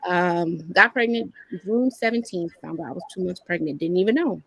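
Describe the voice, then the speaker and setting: A woman's voice: lowish voice, a little fast, vocal fry, breathy edge, no echo, poor audio. A woman in her thirties, candidly telling a personal story as a podcast guest and acting out the lines people said to her. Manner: candid, animated storytelling that acts out quoted lines.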